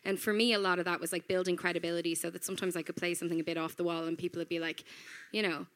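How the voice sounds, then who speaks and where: Bright-voiced woman in casual chat. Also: on the low side, level tone, racing. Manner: chatty, laughs easily, lots of "like". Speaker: podcast guest, radio presenter.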